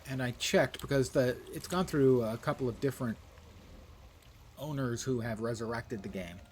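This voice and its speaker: A man's voice: medium pitch, moderate pace, darkish tone, a little hiss or hum. A tired, yawning man streaming a game, chatting casually with wry, rambling asides. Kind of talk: casual live-stream chat while gaming.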